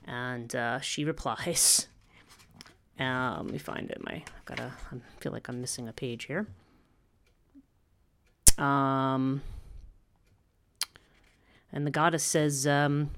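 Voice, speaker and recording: Podcast teacher rambling through a lecture, lots of ums and restarts, ordinary middle pitch. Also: measured pace, pauses often, sharp tone. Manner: rambling, with many fillers and restarts.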